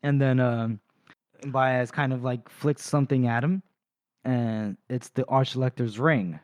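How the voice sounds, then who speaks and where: A man's voice: medium pitch, a little slow, no echo, studio quality. A man hosting a casual book podcast, retelling the plot and often laughing. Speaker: podcast host.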